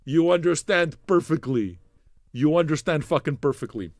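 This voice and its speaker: At a moderate pace and with no echo on the recording, a streaming radio DJ chats casually through his live music stream. He swears a lot, wanders off topic and riffs on what viewers type, shifting from animated to abruptly loud to low and mumbly.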